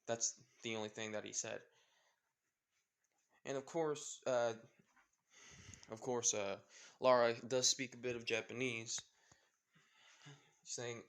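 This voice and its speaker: A man narrating an improvised fan-fiction story off the cuff at a middle pitch. He rambles, circling back with fillers and restarts as he goes. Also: fairly even intonation, measured pace, pauses often.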